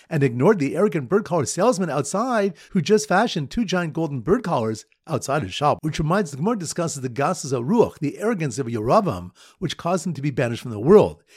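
Man, Talmud teacher, mnemonic storytelling, very animated pitch, husky tone. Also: no room sound, studio quality. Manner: lively storytelling with sudden pitch jumps. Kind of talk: mnemonic Talmud review lesson.

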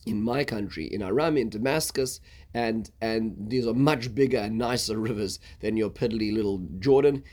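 A man retelling the words of a proud, indignant army commander in his own plain, fairly low voice. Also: moderate pace, darkish tone, lightly acted. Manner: retold in a plain speaking voice.

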